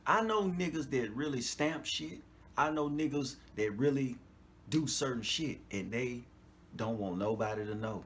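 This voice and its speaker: A man hosts a podcast in a mid-range voice, speaking a little slowly through a casual, profane monologue. He stays animated, laughs frequently, and checks in with listeners, often saying "you know what I'm talking about."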